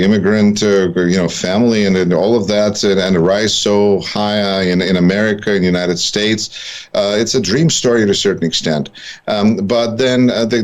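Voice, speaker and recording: A man co-hosting a political talk show, giving analytical commentary in a halting, wry way, with frequent fillers and restarts. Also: lowish voice.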